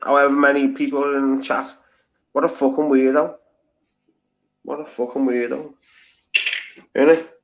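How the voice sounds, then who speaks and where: A man's voice: medium pitch, level tone, normal speed, long pauses. Sweary Scouse man on a call. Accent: Liverpool Scouse. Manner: blunt, sweary, rambling with restarts. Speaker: panel guest on a live stream. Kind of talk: casual livestream banter. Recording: slightly lo-fi audio.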